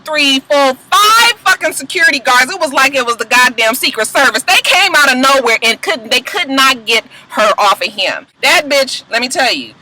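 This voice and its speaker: A woman's voice: sits high, bright, forceful tone, slight background noise, poor audio. A young woman recapping a reality show in a casual vlog, gossipy and profane, talking straight to her viewers. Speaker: reality TV reviewer.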